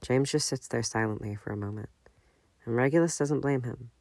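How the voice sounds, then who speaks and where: A man reading a fan-fiction audiobook aloud in a measured, unhurried way. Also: mid-range voice, a little mellow, no room sound. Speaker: audiobook narrator.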